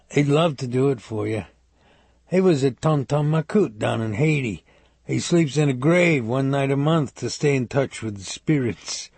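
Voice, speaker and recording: A man's voice: a little high, darkish tone, husky, no room sound. A man voicing a cruel, taunting male mob thug who talks in a crude, menacing way.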